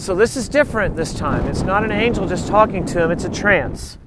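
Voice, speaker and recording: A middle-aged man preaching a sermon, reading scripture aloud and breaking into animated, joking asides. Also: sits high, brisk. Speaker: pastor.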